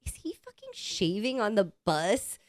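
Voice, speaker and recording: A woman co-hosting a podcast, telling a casual story in a lively, swearing, animated way and acting out the quotes. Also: mid-range voice, measured pace, dry recording. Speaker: podcast co-host.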